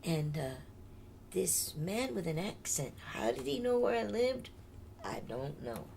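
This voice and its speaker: Older woman with a deep gravelly voice. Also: sing-song, measured pace, darkish tone, slight background noise. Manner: candid, chatty, laughs often. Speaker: interview guest, singer. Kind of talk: casual storytelling interview.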